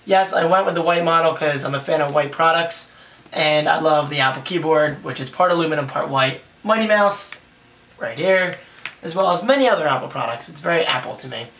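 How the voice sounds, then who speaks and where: A young man with a hoarse, raspy voice, excitedly rambling through a casual unboxing vlog. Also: a little high, a little fast, distant mic. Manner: excited, rambling, self-deprecating. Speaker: tech vlogger.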